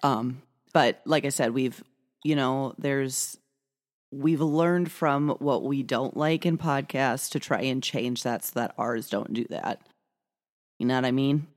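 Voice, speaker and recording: A woman with a low voice co-hosts a podcast in loose, casual chat. She rambles, circles back on herself and restarts her sentences. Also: measured pace. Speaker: podcast co-host.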